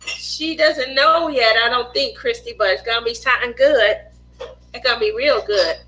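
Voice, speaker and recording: A middle-aged woman hosting a craft chat, telling family stories in a lively way with lots of laughter and acted-out voices. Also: fairly high pitch, normal speed, poor audio. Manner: animated storyteller, acts out voices, laughs often. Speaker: craft livestream host. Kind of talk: casual chat while crafting.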